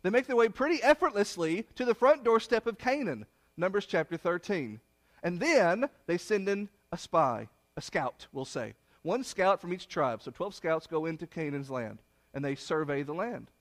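High-voiced preacher with dramatic swings. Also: male voice, very animated, moderate pace. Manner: dramatic, swings between loud emphasis and hushed lows; storytelling with rhetorical questions. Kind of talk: sermon.

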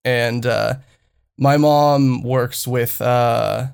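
A man's voice: medium pitch, fairly even intonation, extremely slow, creaky, clear, resonant tone. A young man on a podcast telling a story in casual chat, rambling and hesitant with many fillers. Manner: rambling, hesitant, laughs through his own story. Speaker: podcast co-host.

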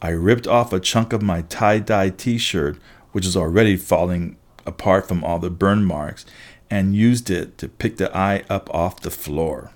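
A man narrating a storybook in a lively, emphatic first-person telling. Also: deep voice, a little slow. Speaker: audiobook narrator.

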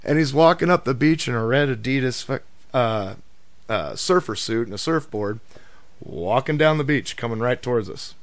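A man telling a story in casual chat, lively and swearing, acting out what others said. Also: medium pitch, normal speed, no echo. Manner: animated, swearing storyteller who acts out other people's lines.

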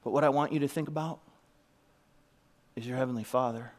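A man's voice: mid-range voice, fairly even intonation, a little fast. A middle-aged man giving a sermon as a pastor, telling a heartfelt story and sometimes dropping to a whisper. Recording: long reverb of a large hall.

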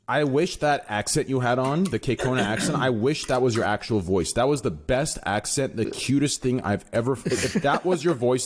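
A young man hosting a group voice call, joking crudely and quickly apologizing for it. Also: mid-range voice. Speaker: host.

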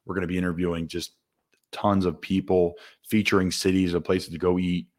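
A Philadelphia man hosts a podcast with a very low voice. He talks in a chummy, easygoing way, leaning on "guys" and "man" as he introduces the show. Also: flat delivery, fairly quick, darkish tone. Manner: chummy, addresses listeners as guys. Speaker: podcast host. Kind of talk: casual podcast hosting.

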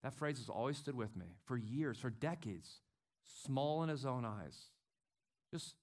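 A middle-aged man preaching a sermon as pastor, acting out quotes with big swings in loudness. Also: on the high side, sing-song, normal speed.

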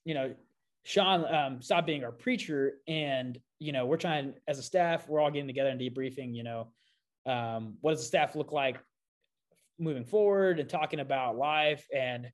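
A man hosting a podcast, telling a self-deprecating story in a casual, animated way with frequent fillers. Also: mid-range voice, moderate pace. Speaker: podcast host.

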